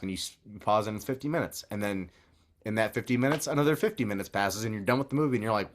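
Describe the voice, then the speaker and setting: A man's voice: fairly low pitch, very fast. A man co-hosting a podcast, rambling and swearing a lot as he gushes over a film he loves. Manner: profane, gushing, rambling. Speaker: podcast co-host. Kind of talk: casual movie review chat.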